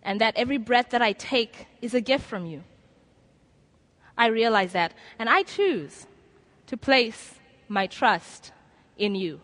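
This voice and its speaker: Woman, fairly high voice, sermon, earnest, conversational, quoting inner voices. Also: lively intonation, a little slow, fairly bright tone. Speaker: preacher. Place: lecture room before an audience.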